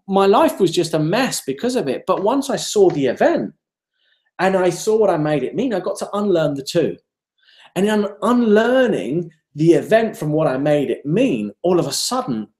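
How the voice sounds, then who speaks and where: Male self-development speaker, lively storyteller, rhetorical questions, echoey room. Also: sits high. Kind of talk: live online talk.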